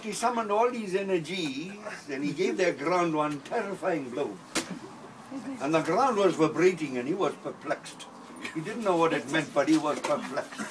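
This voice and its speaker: A comedian and singer with a fairly high voice tells a rambling, anecdotal comic story full of asides and quoted dialogue, then sings a funny song. The mic is distant, with a loud guitar and background noise.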